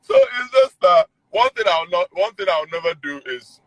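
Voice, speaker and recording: A man's voice: high-pitched, wildly swooping pitch, normal speed, gravelly, fairly bright tone, dry recording, poor audio. A man talking casually in a live chat, amused and mocking as he talks. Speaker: interviewee on a live stream.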